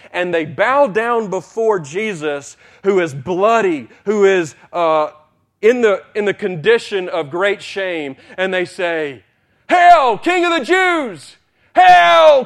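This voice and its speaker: A man preaching a sermon, retelling a story with dramatic swings between loud passages and hushed ones. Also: mid-range voice. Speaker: pastor.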